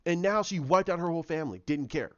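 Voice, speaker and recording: A man talking casually and rambling in long stretches, acting out scenes with quick restarts and repeated words. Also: fairly high pitch, expressive, no room sound, muffled recording. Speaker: show recapper. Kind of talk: casual spoken recap.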